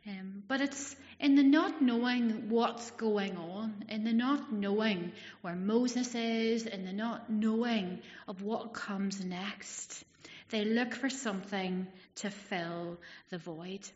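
A woman's voice: medium pitch, takes it slowly, a little mellow. Woman preacher, conversational sermon, acts out voices, dull roomy hall recording. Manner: conversational, acts out the people's thoughts. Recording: dull echoey hall, long reverb.

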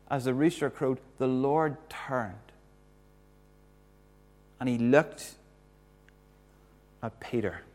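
A man preaching a sermon in an earnest, reflective way, often dropping to a soft hush to make a point. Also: mid-range voice.

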